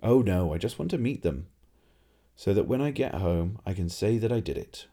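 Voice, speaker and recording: An eager, polite tourist with a formal way of speaking, voiced by a man, pitched a bit above a deep voice. The tone stays mellow and slightly gravelly. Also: expressive, moderate pace. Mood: earnest. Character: naive polite male tourist.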